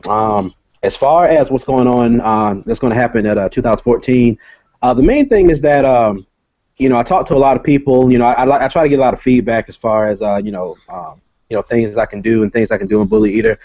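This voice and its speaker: A man, a comic creator and guest, explaining casually over a video call, halting with many filler sounds. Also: medium pitch, no room sound. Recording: dull lo-fi call audio.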